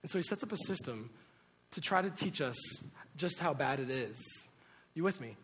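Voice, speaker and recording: A man in his thirties, a pastor preaching a sermon, telling family stories in an animated way and acting out the voices. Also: normal speed, breathy edge, in a large hall. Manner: animated storyteller, acts out voices with big pitch jumps. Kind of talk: sermon with personal storytelling.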